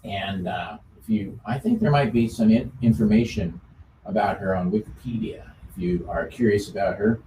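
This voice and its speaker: A man hosting a music show in casual chat, easygoing, with many filler pauses. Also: lowish voice, warm tone, slight background noise. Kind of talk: casual chat about old songs. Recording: roomy sound from a distant mic.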